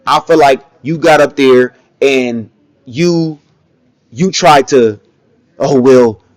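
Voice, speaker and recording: Blunt, animated man with dry close sound. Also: a little high, dry recording. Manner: blunt, animated, mocking impressions. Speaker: commentary vlogger. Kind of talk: casual opinion commentary.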